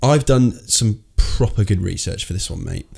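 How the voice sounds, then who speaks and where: A man's voice: fairly low pitch, moderate pace, creaky, darkish tone, slightly rough. A man hosting a casual pub chat podcast, blunt and sweary, teasing his co-host.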